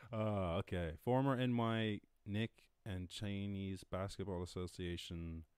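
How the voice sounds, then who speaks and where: Irish male streamer, low voice, profane and rambling, dry close mic. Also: fairly even intonation, slow pace, darkish tone, clean tone, no echo. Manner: rambling, profane, laughs at his own jokes. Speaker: podcast host. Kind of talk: casual livestream commentary.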